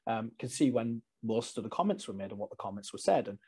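A man's voice: lowish voice, quick pace, husky. A man, a guest wrestler, chatting casually in an interview and animatedly acting out the stories he tells. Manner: animated storyteller, acts out quotes.

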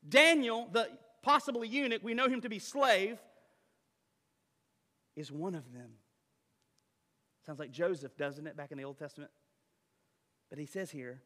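Dramatic high-voiced man preaching. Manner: dramatic, swings from booming to hushed. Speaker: pastor. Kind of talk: sermon. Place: church sanctuary. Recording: reverberant church hall.

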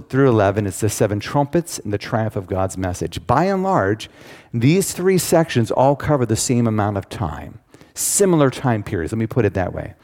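A man's voice: mid-range voice, darkish tone. A man teaching a Bible study to a live audience, in a conversational way with asides to the listeners. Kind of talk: sermon-style Bible teaching. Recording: long hall reverb.

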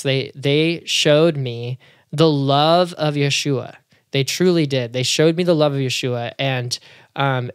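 A man's voice: medium pitch, fairly bright tone, clean tone, dry recording. Chatty man with a dry close sound. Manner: rambling, many fillers and restarts. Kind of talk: casual conversational testimony.

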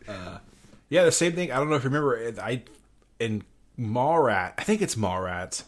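An animated man chatting on a movie podcast, his voice rising and falling with a lot of movement. He tells anecdotes with a laugh in his voice, at a middling pitch. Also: normal speed. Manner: animated storyteller, laughs while talking. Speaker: podcast co-host. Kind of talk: casual movie discussion.

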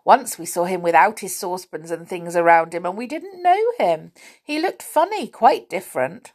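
A woman's voice: fairly low pitch, animated, normal speed. A woman voicing a friendly girl who chats fondly.

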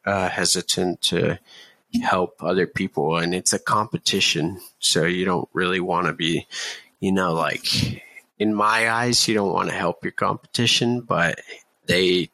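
Gravelly, slow-talking man in his thirties. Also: sits low, fairly even intonation, pushed and bright, no echo. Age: 30s. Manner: laid-back, swears freely, many fillers. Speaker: podcast guest. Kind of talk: casual storytelling.

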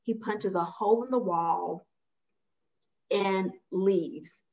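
Taking it slowly, a woman with a medium-pitched, darkish voice tells a story about herself as a guest. She delivers it casually and emphatically, acting out the conversation she remembers, on slightly muffled audio.

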